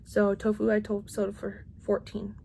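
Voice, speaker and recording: A woman's voice: medium pitch, monotone, measured pace, gravelly, dark tone, slight background noise. A woman in her thirties, a crochet vlogger, chatting casually at home and rambling with lots of "like" and restarts.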